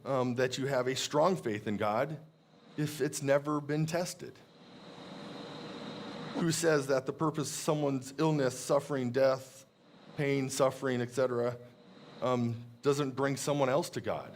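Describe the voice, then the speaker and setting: A man's voice: medium pitch, fairly even intonation, a little hiss or hum. Earnest man preaching in a church. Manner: earnest, reflective, reads scripture slowly. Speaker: pastor. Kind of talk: sermon.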